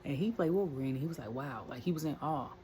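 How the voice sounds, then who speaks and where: Brief: woman, low voice, rambling wrestling rant, faint room hiss. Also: fast talker, mellow. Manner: rambling, chatty, many fillers and asides. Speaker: wrestling commentary vlogger. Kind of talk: casual rant.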